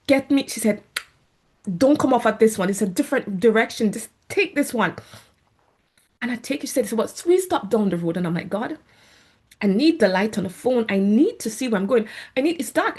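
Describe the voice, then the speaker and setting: A woman, sharing a faith story in casual, animated speech and acting out her own prayers. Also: fairly high pitch, husky. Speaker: faith vlogger sharing a testimony. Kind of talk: casual spoken testimony.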